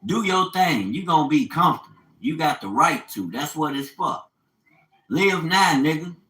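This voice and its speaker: A man's voice: on the high side, very animated, normal speed, a bit bright, echoey room, rough recording. An older man in an unscripted monologue, ranting in a profane, preachy way and quoting scripture with fire. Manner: quotes scripture, fiery preaching tone. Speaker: vlogger.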